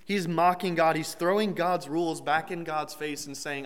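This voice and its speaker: Young man, sermon, casual and joking, fairly high voice, long reverb of a large hall. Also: level tone, normal speed, clean tone. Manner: conversational, with restarts and light humor. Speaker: preacher.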